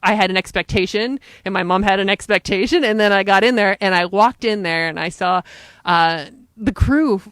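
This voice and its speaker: Animated Pittsburgh woman telling stories. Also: medium pitch, normal speed, dry recording. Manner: animated storytelling, laughs often. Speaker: podcast guest. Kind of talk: casual chat.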